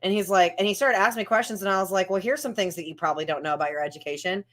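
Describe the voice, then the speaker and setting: A woman in her thirties in a casual chat, talking quickly and filling her speech with "like.". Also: medium pitch. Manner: chatty, many "like"s.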